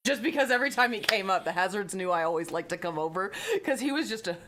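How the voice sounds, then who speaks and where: A young woman chats through stories on a live stream, lively and loose, with plenty of swearing. She slips into other people's voices when she quotes them. Faint ambient noise sits behind her. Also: medium pitch, fast talker. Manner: animated, swears freely, acts out quoted people. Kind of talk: casual storytelling chat.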